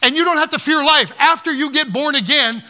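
An older man, a pastor, preaching a sermon, quoting scripture with passion and dropping to quiet storytelling. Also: very high-pitched, a little fast. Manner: swings between loud exhortation and quiet storytelling.

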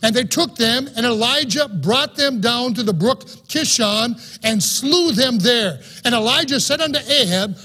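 High-voiced husky male preacher. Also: lively intonation, unhurried, few pauses, bright, forceful tone. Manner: reads scripture aloud, then preaches with rising fervor. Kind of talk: sermon.

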